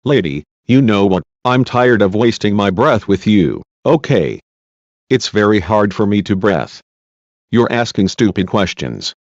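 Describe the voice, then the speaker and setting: A man reading an exasperated female witness, low and dull. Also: lively intonation, measured pace, dry recording. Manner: exasperated, snapping back. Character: agitated, worn-out female witness, defiant. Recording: dull lo-fi dry recording.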